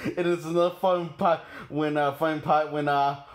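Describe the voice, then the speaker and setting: A man casually retelling a movie plot, halting with many fillers and frequent chuckles. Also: fairly high pitch, steady tone. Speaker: film reviewer.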